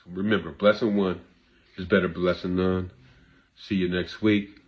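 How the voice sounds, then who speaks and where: A man's voice: sits low, flat delivery, moderate pace, muffled recording. A man hosting a talk show as a therapist, talking earnestly and repeating himself like a preacher, sometimes emotional. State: emotional, grieving. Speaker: therapist host. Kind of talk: casual monologue to camera.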